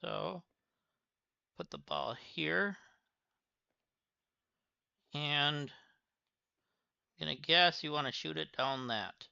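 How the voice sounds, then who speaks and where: A man's voice: fairly high pitch, very slow, creaky, long pauses, sharp tone, smooth, no room sound, highs cut off. A man livestreaming a game, chatting and thinking aloud as he plays. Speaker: streamer.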